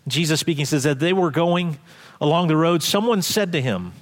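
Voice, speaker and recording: A man preaching a sermon as pastor, lively and joking, with frequent restarts. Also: on the high side, normal speed.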